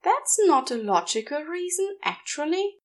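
A woman voicing an anxious, earnest young boy who speaks in a halting, pleading way. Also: extremely high pitch, sing-song. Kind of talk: audiobook character reading.

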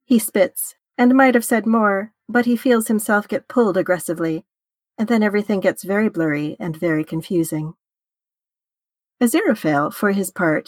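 A woman's voice: medium pitch, darkish tone, no room sound. A woman narrating a fan fiction audiobook in a wry, conversational way with casual swearing.

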